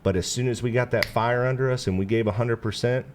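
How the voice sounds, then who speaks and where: A man's voice: medium pitch, fast talker, a little hiss or hum. A man hosting a casual chat, telling a long story with lots of fillers and acting out the quotes. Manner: animated storyteller, acts out quotes in bursts; relaxed, lots of "you know" fillers. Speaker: podcast host.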